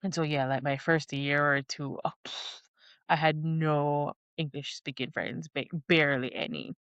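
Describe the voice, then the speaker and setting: A young woman talks to camera in a relaxed, rambling way, her low voice unhurried and full of fillers. Her tone is smooth and clear, recorded close with a dry, roomless sound. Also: dry recording, dull audio. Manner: rambling, many fillers and restarts. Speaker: vlogger. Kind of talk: casual talking-head chat.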